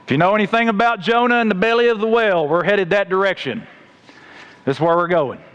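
A man preaching a sermon, telling the story with animated acted-out voices. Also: high-pitched, quick pace, clean tone, lo-fi sound. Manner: animated storytelling, acts out voices of God and Jonah.

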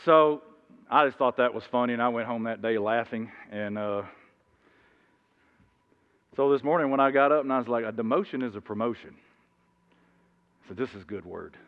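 A man's voice: mid-range voice, normal speed, pauses often, clear, resonant tone. A man preaching an informal sermon, rambling through anecdotes with many restarts and acting out the voices in his stories. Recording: dull lo-fi sound, long hall reverb.

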